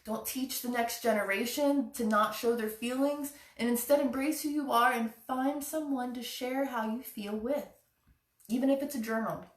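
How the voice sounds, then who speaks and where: Woman, earnest live-stream talk, encouraging, voice somewhat high, a bit off-mic. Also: fairly even intonation, normal speed, distant mic. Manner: earnest, encouraging, addresses viewers directly. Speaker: chakra challenge host. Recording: echoey room, away from the mic.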